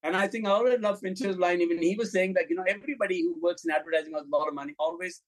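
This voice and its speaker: A man, a film and commercial director, telling anecdotes in an interview, animated and blunt, acting out dialogue and swearing now and then. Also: high-pitched, racing, poor audio. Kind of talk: interview storytelling.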